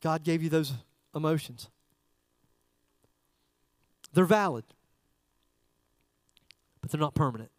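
A man's voice: on the high side, slow, pauses often, no echo. A man preaching a sermon in a church service, talking conversationally and putting direct questions to the congregation. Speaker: pastor.

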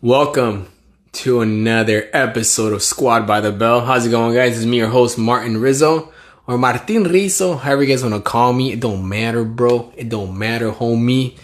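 A man's voice: mid-range voice, steady tone, moderate pace. A young man from the United States hosting a casual podcast on a live stream, rambling and joking with slang and swearing. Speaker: podcast host.

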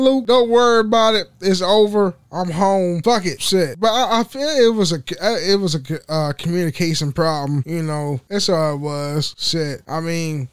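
A man's voice: high-pitched, clean tone, dry recording, clean studio sound. A man podcasting alone, venting in a rambling, profane way with many restarts. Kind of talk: casual venting monologue.

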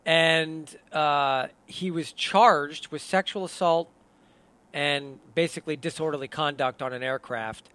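A male radio co-host with a somewhat high voice, talking casually. He hedges his claims and repeats words while he gathers his thoughts. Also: fairly even intonation, measured pace, bright, forceful tone, clean tone, no room sound. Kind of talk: casual sports radio talk.

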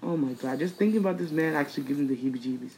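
A woman's voice: low voice, rapid-fire, a loud crowd, rough recording. A young woman co-hosting a casual gossip chat, blunt and profane, laughing often.

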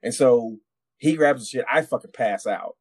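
Profane rambling veteran storyteller. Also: male voice, mid-range voice, moderate pace, darkish tone, slightly rough, no room sound. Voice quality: rambling, profane, many restarts. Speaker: podcast co-host, military veteran. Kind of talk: casual storytelling.

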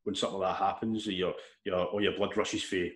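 Fast-talking man, echoey room. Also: low-pitched. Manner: rambling, animated retelling with swearing and restarts. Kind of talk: casual storytelling chat.

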